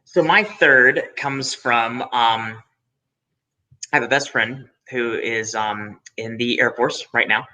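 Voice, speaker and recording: A man explains an idea over a video call, hesitating with many ums and restarting his sentences. His voice is sharp and very bright, in a middle register. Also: mid-range voice, slow, rough recording. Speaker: panelist. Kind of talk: casual chat.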